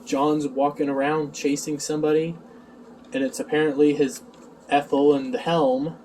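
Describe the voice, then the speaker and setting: A man's voice: on the high side, little pitch movement, normal speed, darkish tone. A man reviewing a TV episode in a rambling, sarcastic casual recap, recorded on a distant mic with faint background noise.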